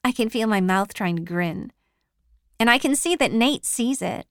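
A woman reading a first-person story aloud in a calm, measured way. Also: a little high, clear, resonant tone, no room sound, studio quality. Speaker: audiobook narrator. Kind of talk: scripted first-person narration.

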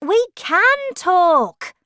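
A woman voicing a proud, bossy female tiger lily in a storybook reading, speaking slowly, loudly and haughtily. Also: extremely high pitch, very animated, no room sound, studio quality, voice pushed up, exaggerated voice. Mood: haughty. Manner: slow, loud, haughty delivery.

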